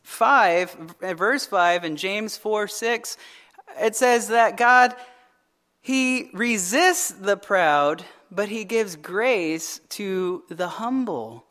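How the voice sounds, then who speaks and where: A male pastor in his thirties, preaching with a high voice. His delivery is animated and conversational, full of "right?" asides. He often doubles the first word of a phrase as he goes. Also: very slow. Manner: animated storytelling with frequent "right?" tag questions; repeats words when starting phrases. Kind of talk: sermon.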